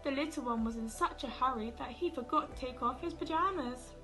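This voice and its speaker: A woman from a nursery reading a bedtime story in a clear, gentle manner. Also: high-pitched, fairly quick, faint music behind, low-quality recording.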